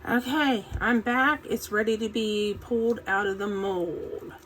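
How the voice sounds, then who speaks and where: Just out of bed and sounding groggy, a woman hosts a casual crafting tutorial for her craft channel, chatty and folksy with plenty of "um"s. Her medium-pitched voice is steady, unhurried and a bit bright, on a rough recording with slight background noise.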